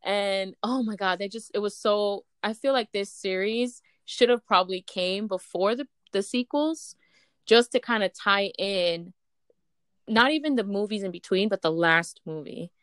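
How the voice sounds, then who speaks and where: Woman co-host, fan-chat energy, breathless and squealy, crisp dry voice. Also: medium pitch, a little slow, fairly bright tone, no echo. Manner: gushing, breathless, jumps into squeals. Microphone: speakerphone call.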